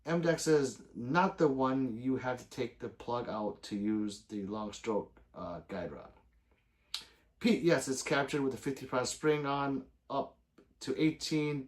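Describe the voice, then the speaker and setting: A man hosting a casual livestream, reading viewer comments aloud, joking and swearing freely with loud sudden outbursts. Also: mid-range voice. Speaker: gun channel livestream host.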